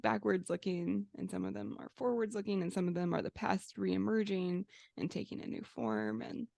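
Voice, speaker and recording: A woman's voice: mid-range voice, animated, moderate pace, creaky, darkish tone, dry recording. A woman co-hosting a book podcast. She makes wry jokes and explains ideas. She studied English. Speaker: podcast co-host. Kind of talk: casual podcast chat.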